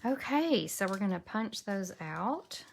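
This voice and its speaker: A woman's voice: medium pitch, very animated, unhurried, gravelly, a little hiss or hum. A woman demonstrating a papercraft project, chatting and thinking aloud as she works. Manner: chatty, thinks aloud while working, drops to a whisper while concentrating. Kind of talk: casual crafting tutorial.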